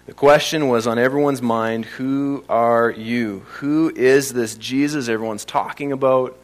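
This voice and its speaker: A man preaching a sermon, stressing key phrases and slowing down to drive points home. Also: medium pitch, steady tone. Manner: emphatic, varies pace for stress, slows on key phrases.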